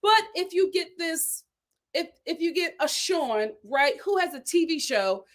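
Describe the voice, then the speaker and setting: A woman's voice: very high voice, measured pace. A woman hosting a reality TV recap, talking casually and sassily, laughing and acting out the people she quotes. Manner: sassy, animated, laughing, acts out quotes.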